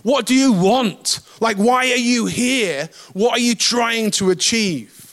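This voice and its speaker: A man acting out a demon that shouts through a possessed man, loud and hostile, raising his voice well above his own. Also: very high-pitched, slow pace, in a large hall, pitched above the performer's own voice, exaggerated voice. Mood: defiant.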